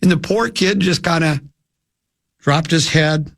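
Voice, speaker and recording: A man's voice: fairly high pitch, unhurried, gravelly, a bit bright. A middle-aged man hosting sports talk radio, telling a rambling story full of restarts. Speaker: radio host.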